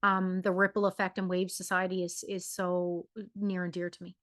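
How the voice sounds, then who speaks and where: A woman's voice: lowish voice, little pitch movement, moderate pace, dry recording, studio quality. A woman in a casual podcast conversation, earnest and affirming, talking over a video call.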